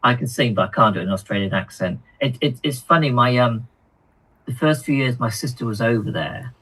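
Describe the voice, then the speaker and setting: A man co-hosting a hobby live stream, reading viewer comments aloud in a halting, chatty way with lots of ums and repeated words. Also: mid-range voice, bright, forceful tone, slightly rough, poor audio. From United Kingdom.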